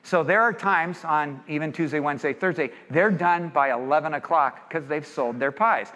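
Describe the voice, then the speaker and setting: A man from California speaking to an audience, an animated and jokey storyteller, in an echoey hall. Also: fairly high pitch, normal speed. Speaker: speaker leading a seminar or sermon. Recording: echoey hall with long reverb.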